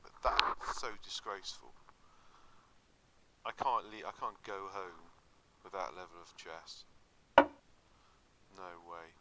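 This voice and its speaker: Man, lowish voice, muttering chess commentary, self-critical, half under his breath, loud background noise. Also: slow pace, long pauses. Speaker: chess streamer. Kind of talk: live commentary while playing online blitz.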